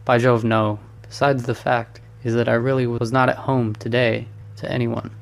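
A man's voice: medium pitch, level tone, normal speed, gravelly, lightly acted. A man reading a storybook, voicing an amused, worldly male painter who teases his friend. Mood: teasing. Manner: teasing, breezy.

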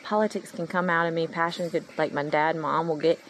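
Gravelly woman rambling earnestly. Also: sits low, steady tone, fairly quick, a little hiss or hum, rough recording. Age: 30s. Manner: meandering, earnest, heartfelt. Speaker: vlogger. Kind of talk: rambling personal monologue.

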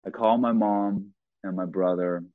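A middle-aged man being interviewed, telling a personal story bluntly and profanely, with halting restarts. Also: low-pitched, steady tone, no echo. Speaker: guest. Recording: tinny phone-like line, dry.

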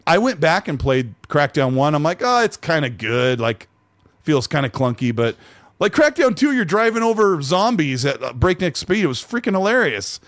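Animated man on a headset. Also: a little high, normal speed, dry recording. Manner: animated, reads chat comments aloud. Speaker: podcast host. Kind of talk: casual podcast chat.

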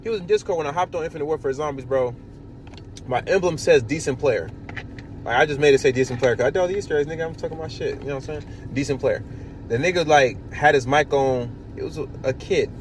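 A man hosting a podcast in casual chat, telling profane, animated stories. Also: fairly high pitch, fast, slight background noise. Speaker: podcast host.

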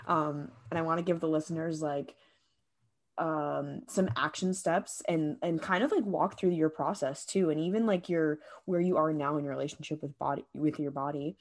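A woman's voice: low-pitched, steady tone, normal speed. A woman hosting a podcast, effusive and emotional, talking in a loose, filler-heavy way. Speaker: podcast host. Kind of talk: casual interview chat.

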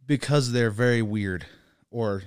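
A man's voice: mid-range voice, unhurried, clear, resonant tone. A young man raised in England who speaks with an American accent, chatting as a podcast guest and laughing often. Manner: animated storyteller, laughs often. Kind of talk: casual chat.

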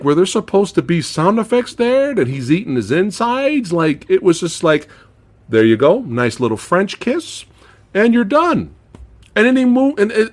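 A male podcast host chatting casually about a movie, animated, swearing freely, laughing often and acting out movie lines. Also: high-pitched. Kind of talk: casual movie review chat.

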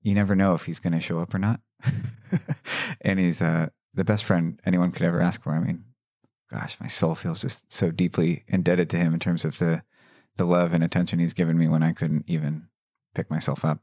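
A man with a very deep voice speaks openly and reflectively in casual conversation. The recording is dry and close. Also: level tone, a little fast, darkish tone, no echo. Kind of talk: personal conversation.

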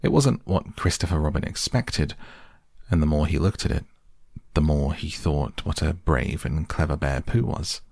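A man softly narrating a children's book as a bedtime audiobook, slow and gentle. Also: very deep voice, vocal fry, no room sound, clean studio sound. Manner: slow, gentle and soft-spoken. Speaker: podcast host and reader.

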